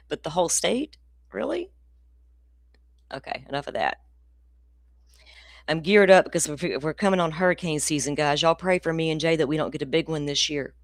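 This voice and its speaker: A woman's voice: low-pitched, moderate pace, pauses often, no room sound. A middle-aged woman, hosting a casual true crime livestream in a rambling, profane, ranty way.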